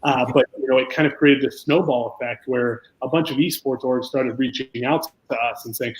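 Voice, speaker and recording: Flat-voiced man telling a career story. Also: mid-range voice, brisk, few pauses, poor audio. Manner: casual, self-deprecating storytelling with many restarts. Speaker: esports business founder.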